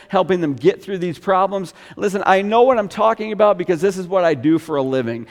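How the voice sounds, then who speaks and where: A man preaching a sermon as pastor, conversational, dropping to quiet asides and rising to loud emphatic bursts. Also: high voice, in a large hall.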